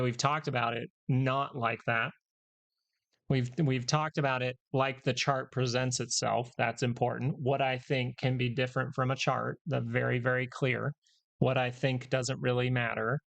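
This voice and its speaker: Gravelly-voiced man hosting a market stream. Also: medium pitch, flat delivery, moderate pace, fairly bright tone. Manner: rambling, self-correcting, joking with chat. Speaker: stock market live stream host. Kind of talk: casual live market commentary.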